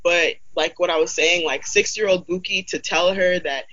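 A young woman from Idaho talks candidly in a casual chat, peppering every thought with "like". Her voice is bright and forceful. The recording is a little dull and lo-fi. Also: on the low side, normal speed. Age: young adult. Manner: animated, candid, heavy use of 'like'.

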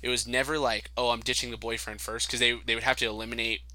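Young adult male co-host, bright tone, swears freely, acts out quotes in chat. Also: medium pitch, flat delivery, quick pace, low-quality recording. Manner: profane storytelling, acts out quotes. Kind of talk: casual chat.

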